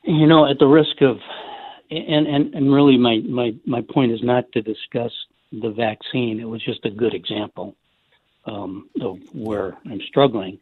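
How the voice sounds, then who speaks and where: Male caller, slow and hesitant, tinny phone line, dry sound. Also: mid-range voice, fairly even intonation, breathy edge, no echo. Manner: hesitant, searching for words. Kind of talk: call-in question.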